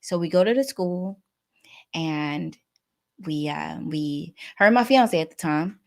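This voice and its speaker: A woman guest telling a personal story in a lively way, acting out the dialogue. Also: sits low, slow, gravelly. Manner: animated, acts out dialogue.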